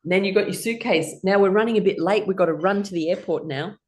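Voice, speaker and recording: A woman's voice: mid-range voice, fast talker. A middle-aged woman teaching a guided laughter exercise class, playful and laughing often as she leads rhythmic ha-ha chants.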